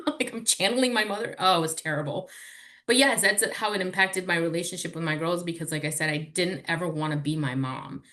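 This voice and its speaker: Low-voiced woman telling candid stories. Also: a little fast. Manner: candid, animated storytelling with swearing. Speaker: podcast guest. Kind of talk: casual chat.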